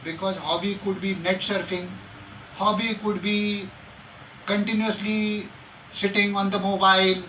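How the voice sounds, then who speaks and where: Bright-voiced lecturer, distant and roomy. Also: male voice, sits high, flat delivery, measured pace, a little hiss or hum. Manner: earnest and repetitive, asks and answers his own questions. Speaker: lecturer coaching students for officer selection interviews. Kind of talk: classroom lecture.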